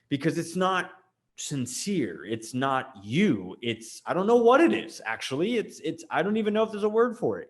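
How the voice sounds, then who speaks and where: Emphatic man hosting a marketing talk. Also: medium pitch. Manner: animated, emphatic, with many fillers and restarts. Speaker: host. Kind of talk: casual marketing talk to camera.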